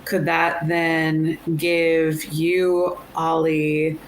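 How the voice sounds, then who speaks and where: A woman's voice: deep voice, monotone, extremely slow, a little hiss or hum. A woman playing a tabletop role-playing game, tentatively thinking through her plan aloud. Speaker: player. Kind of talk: casual game-table talk.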